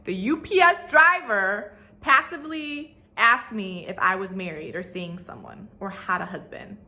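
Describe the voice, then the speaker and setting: A woman in her twenties telling an animated, slangy story while getting ready, swearing freely and mimicking the people in it. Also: medium pitch, measured pace. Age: 20s. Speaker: vlogger. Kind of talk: get-ready-with-me storytime chat.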